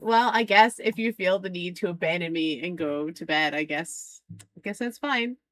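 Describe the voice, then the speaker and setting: A woman's voice: fairly low pitch, normal speed, a bit bright. A woman streaming a game live, chatting with her viewers in a playful, teasing way and laughing often. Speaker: streamer playing a farming game.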